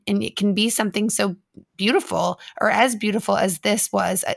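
A woman's voice: mid-range voice, creaky, dry recording, studio quality. A woman in her thirties co-hosting a casual chat show, telling stories in a chatty, heartfelt way. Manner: chatty, emotional storyteller. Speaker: co-host.

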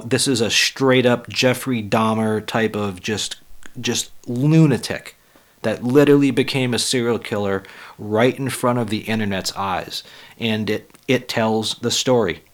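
A man hosting a solo podcast, blunt and profane, with a raspy voice as he gets over the flu. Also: on the low side, slow pace. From Western Massachusetts. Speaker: podcast host and comedian. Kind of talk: casual solo podcast talk.

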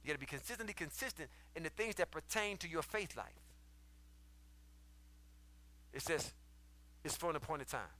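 A man preaching a sermon, in rhythmic, repeating phrases that swell loud and high and then drop low. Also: moderate pace, pauses often. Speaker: preacher and podcast host.

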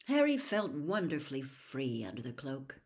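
A woman narrating an audiobook with expressive storytelling, at times dropping to a whisper. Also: rumbling low, normal speed.

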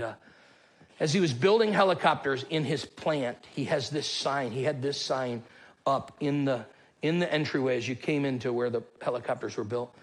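A man in his forties preaching a sermon as pastor, energetic and calling the congregation to answer back, with humorous storytelling. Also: mid-range voice, husky. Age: 40s. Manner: energetic, calls congregation to respond.

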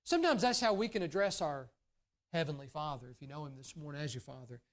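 Southern US male pastor, high voice, earnest sermon delivery that swings from hushed asides to raised emphasis. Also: lively intonation, fast. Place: church sanctuary.

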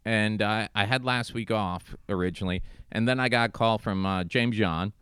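A man's voice: lowish voice, moderate pace, fairly bright tone, clean tone, no room sound, clean studio sound. A man hosting a podcast and chatting casually, joking and telling stories with animation. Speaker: podcast host. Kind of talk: casual chat. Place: comedy club.

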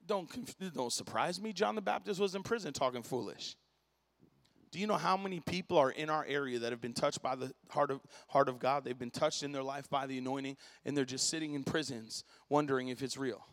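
Man, pastor, impassioned sermon, casual slang, bright sharp tone, long church reverb. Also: medium pitch, a little fast. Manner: impassioned, storytelling, rising to shouts; casual slang like dude and bro. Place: church sanctuary.

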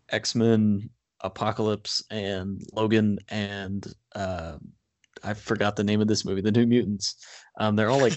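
A man's voice: fairly low pitch, no room sound. A man co-hosting a film podcast in casual chat, with frequent "um" and "like" fillers. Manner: frequent "um" and "like", measured. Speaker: podcast co-host.

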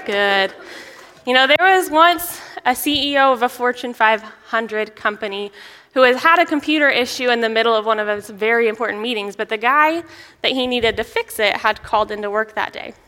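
A young woman, a children's ministry director, preaching a sermon in a church, chatty and lively, often laughing as she tells a story. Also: a little high, normal speed. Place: church sanctuary. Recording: long reverb of a large hall.

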